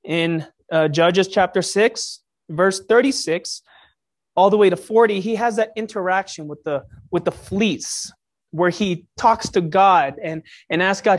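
A preacher giving a sermon in a conversational way, with jokey asides and sudden rises in pitch and loudness for emphasis. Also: measured pace.

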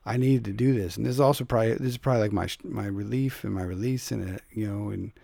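A male podcast host chatting casually, quick and enthusiastic, with stumbling restarts. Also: on the low side, creaky, mellow, no room sound, studio quality. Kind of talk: casual interview chat.

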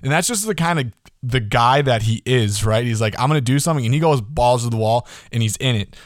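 A man in his early twenties hosting a casual solo podcast, excitable and rambling, swearing freely and often tagging his points with a quick question. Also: mid-range voice, no echo, studio quality. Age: early 20s. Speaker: podcast host.

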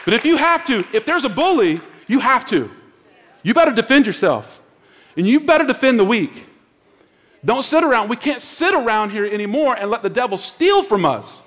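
Animated preacher man in echoing hall. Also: very high-pitched, normal speed. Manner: animated, acts out voices in his stories. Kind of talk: animated sermon storytelling. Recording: long hall reverb.

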